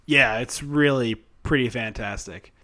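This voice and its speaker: Male podcast co-host, casual film talk, enthusiastic, mid-pitched everyday voice. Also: a little slow, bright, forceful tone. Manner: chatty, enthusiastic, many fillers and restarts. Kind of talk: casual chat, film review.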